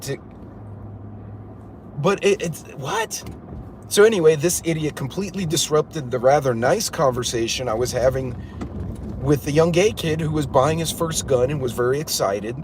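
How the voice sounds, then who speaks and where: A middle-aged man hosting a casual livestream from a car, telling a story in an animated, incredulous way. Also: on the high side, normal speed, slight background noise. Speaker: livestream host.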